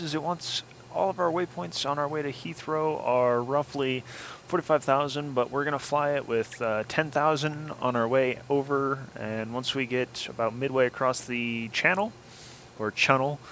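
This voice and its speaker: A man's voice: medium pitch, a bit bright, slight background noise, poor audio. A man hosting a casual flight simulator let's-play, chatting and explaining each step as he goes. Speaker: flight sim gameplay host.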